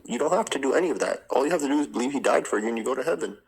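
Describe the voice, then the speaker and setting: A man's voice: mid-range voice, animated, racing, a little hiss or hum, rough recording. A man calling into a live chat, debating earnestly and persistently in a casual way.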